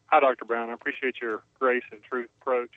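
A man's voice: medium pitch, little pitch movement, fairly quick, no echo. A man calling in to a radio show, asking questions politely and hesitantly, with many fillers. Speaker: caller. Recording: tinny phone line.

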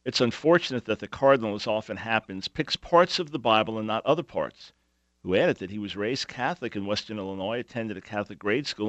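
A man's voice: on the low side, expressive, a little fast, fairly bright tone, no room sound, lo-fi sound. A man hosting a talk radio show, speaking emphatically with sarcastic asides.

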